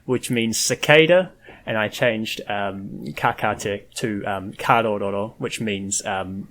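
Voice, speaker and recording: A man's voice: on the low side, slow pace, fairly bright tone, slight background noise. A man hosting a casual podcast, talking with lots of fillers and restarts. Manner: hesitant, many fillers and restarts. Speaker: podcast host.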